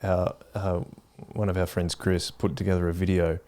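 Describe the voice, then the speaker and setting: A man's voice: sits low, flat delivery, normal speed, mellow. A man co-hosting a church podcast, asking questions and restarting his sentences in a casual chat. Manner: inquisitive, hesitant, full of restarts. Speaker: podcast co-host.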